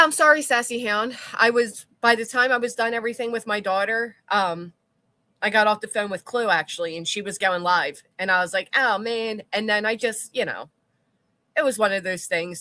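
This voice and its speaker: Middle-aged woman streamer, bright and chatty, rambling to her chat, dry close mic. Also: mid-range voice, moderate pace, dry recording. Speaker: livestream commentary host. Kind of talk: casual livestream chat with viewers.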